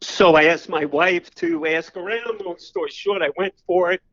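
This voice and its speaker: A man's voice: high voice, moderate pace, a bit bright. An older man, a podcast guest telling personal stories in a loose, rambling way full of "you know" fillers. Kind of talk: casual storytelling interview. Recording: slightly dull lo-fi audio.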